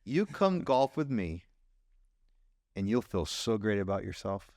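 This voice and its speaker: A man's voice: on the low side, sing-song, unhurried, darkish tone, no echo. A man co-hosting a podcast who talks in a wry, self-mocking way. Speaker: podcast co-host. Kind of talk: casual chat.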